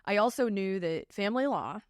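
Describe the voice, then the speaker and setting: A woman tells personal stories on a podcast in a loose, animated way, dotted with "like" and "um". Her voice sits at an ordinary middle pitch. The recording is close and dry, with no room sound. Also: fairly quick, clean tone, no echo. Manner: animated, frequent "like" and "um" fillers. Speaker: family law attorney, co-host. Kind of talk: casual podcast storytelling.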